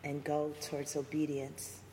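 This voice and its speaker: A woman's voice: low-pitched, completely flat delivery, measured pace, dark tone, a little hiss or hum. A woman guest in a conversational interview, talking reflectively and preacher-like about faith and music. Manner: reflective, preacherly, quotes scripture. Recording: echoey room with long reverb and faint ambience.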